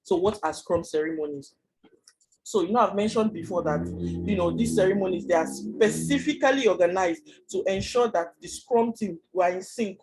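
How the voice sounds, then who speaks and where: A man teaching a Scrum class online, explaining fast and chatty with many fillers. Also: sits high, darkish tone, rough recording. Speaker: Scrum trainer.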